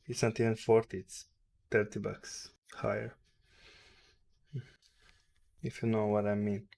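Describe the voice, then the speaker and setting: A man hosting a live trading stream, muttering to himself and cursing at the charts with sudden loud outbursts. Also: on the low side, monotone, a little slow, creaky. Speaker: livestream day trader host. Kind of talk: casual live-stream commentary.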